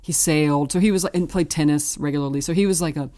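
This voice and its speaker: A Southern American woman in her fifties, an artist appearing as a guest in a casual interview, talks fast in a low, warm voice. Her speech rambles, full of fillers and restarts.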